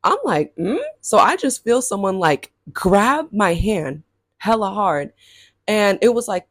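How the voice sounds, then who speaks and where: A woman's voice: no echo, clean studio sound. A young woman from Southern California telling a childhood story to her viewers in casual chat, full of "like" and "y'all", her voice jumping up on quoted reactions. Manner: animated, chatty, lots of "like" and "y'all", pitch leaps on quoted reactions. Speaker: storytime vlogger.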